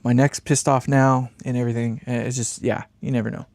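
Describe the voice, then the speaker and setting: A man's voice: mid-range voice, little pitch movement, brisk, gravelly, a little mellow, dry recording. A man with congested sinuses chatting in a rambling, laid-back way while building an amp on a live stream, swearing casually and chuckling often.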